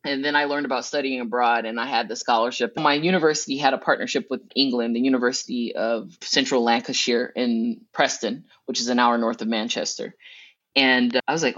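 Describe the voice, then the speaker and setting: Guest: lively woman from Southern California, casual storyteller, acts out her past thoughts with big pitch jumps, dull dry recording. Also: brisk, dry recording. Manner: swears casually and laughs between thoughts. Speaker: guest, educational consultant.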